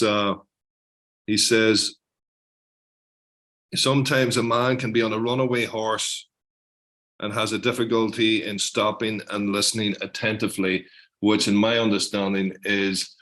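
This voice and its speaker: A man's voice: lowish voice, a bit bright. A male clinician interviewing a guest, appreciative and often repeating words as he builds a question.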